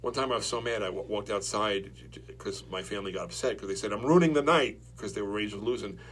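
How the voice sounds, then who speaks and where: A lower-voiced man from Long Island chats on a podcast and talks. He rambles through stories, stumbles and restarts, and gets excitable as he goes. A faint hum sits under the voice. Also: quick pace. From Long Island, New York. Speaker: podcast host. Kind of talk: casual chat.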